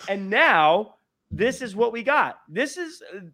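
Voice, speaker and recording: High-voiced man arguing his point. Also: unhurried. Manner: animated, argumentative, acts out quotes. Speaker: podcast co-host. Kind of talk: casual wrestling chat.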